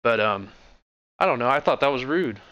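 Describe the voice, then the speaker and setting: A man vents in an off-the-cuff rant, sarcastic and fed up, swearing as he rambles. His voice is bright and forceful, with a smooth, resonant clarity. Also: medium pitch, animated, moderate pace, lo-fi sound. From United States. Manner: indignant, sarcastic, profane, rambling with frequent fillers. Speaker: political commentary vlogger. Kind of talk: casual ranting monologue.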